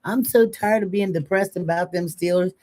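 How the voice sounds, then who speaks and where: Mellow-voiced older woman, chatty and joking. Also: on the low side, moderate pace. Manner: chatty, joking, rambling storyteller. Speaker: co-host. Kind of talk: casual chat on a live stream.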